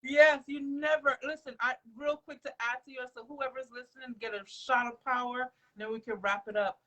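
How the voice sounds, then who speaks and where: A woman's voice: high-pitched, fairly even intonation, moderate pace, a bit bright, poor audio. A woman from Trinidad, hosting a casual faith conversation and telling her own story with emphasis.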